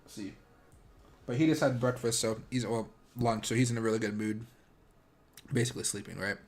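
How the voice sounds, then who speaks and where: A man talks loosely and casually on a livestream, rambling through his thoughts. He fills his sentences with filler words, and his pitch sits in an ordinary middle range. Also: fairly even intonation, a little fast. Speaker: livestream host. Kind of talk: casual livestream chat with viewers.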